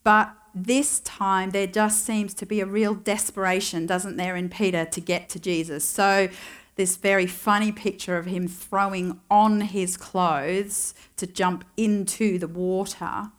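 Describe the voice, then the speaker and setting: A woman's voice: mid-range voice, fairly even intonation, a little slow. Woman preaching with wry, reflective asides. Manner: conversational storytelling with wry asides; reflective, wondering aloud. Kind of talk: sermon.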